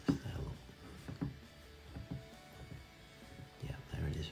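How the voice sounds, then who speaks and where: A man with a very deep, gravelly voice talks through a repair job with cheeky, self-mocking asides. The room sounds echoey, with music playing behind him. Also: completely flat delivery, drawn-out words, pauses often. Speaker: vintage reel restorer. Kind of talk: casual hands-on repair tutorial.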